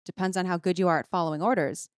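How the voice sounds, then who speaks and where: Woman, low voice, reading prose aloud, voices the dialogue, dry sound. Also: fairly even intonation, rapid-fire, clear, resonant tone, no echo. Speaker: guest commentator. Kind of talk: podcast chat and reading a book passage aloud.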